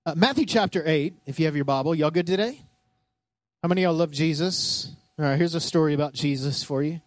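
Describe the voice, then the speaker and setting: Man, pastor, conversational sermon, high pitch, dry sound. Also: a little fast, no echo. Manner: conversational, joking, asks the congregation; acts out scripture scenes in voices.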